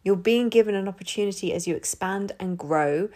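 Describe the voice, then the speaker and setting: A woman talks straight into the mic on her own podcast, frank and loose, with plenty of swearing. She laughs easily as she rambles through the episode, and her pitch sits right in the middle. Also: a little fast, mellow. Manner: candid, sweary, laughs often. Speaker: podcast host. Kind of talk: casual solo monologue.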